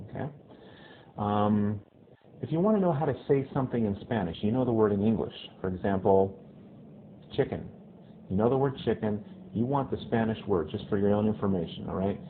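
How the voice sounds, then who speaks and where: A male Spanish teacher giving a casual video lesson who often checks in with "okay?" and repeats phrases slowly. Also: fairly low pitch. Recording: tinny phone-like lo-fi audio with faint hiss.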